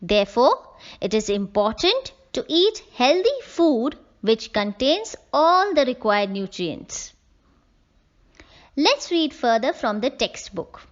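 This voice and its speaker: Slow, lively woman teacher. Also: high voice, dull audio. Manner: slow, clear explaining, spells words letter by letter. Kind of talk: classroom lesson reading from a textbook.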